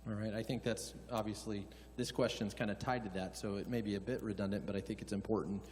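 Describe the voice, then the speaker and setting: A man moderating a conference Q&A, halting and rephrasing as he reads out questions. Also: lowish voice, fairly even intonation, darkish tone. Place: church hall. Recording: church hall reverb, faint hum.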